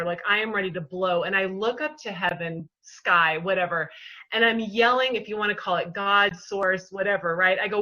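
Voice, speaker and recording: A woman yoga teacher chatting in an interview, telling personal stories in a lively, animated way and laughing often. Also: medium pitch, poor audio. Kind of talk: casual interview chat.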